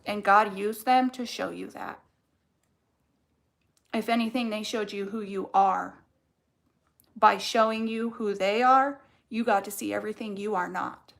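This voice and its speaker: A woman's voice: mid-range voice, fairly even intonation, measured pace, creaky, pauses often. A young adult woman giving a casual tarot card reading, blunt and fired up, swearing heavily as she talks.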